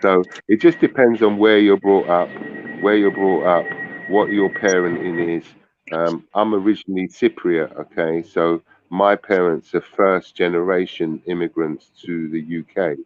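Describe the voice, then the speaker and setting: Low-voiced London man on a phone line. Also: fairly even intonation, measured pace, no room sound. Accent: London English. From London, England. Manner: chatty, repeats words while finding them. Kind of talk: casual chat. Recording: tinny phone line with faint hiss.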